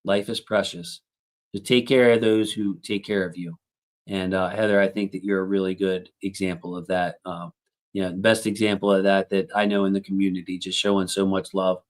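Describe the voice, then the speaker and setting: A man's voice: low voice, little pitch movement, fairly quick. A man in his thirties hosting a casual sports livestream, rambling through thanks to his chat with lots of fillers.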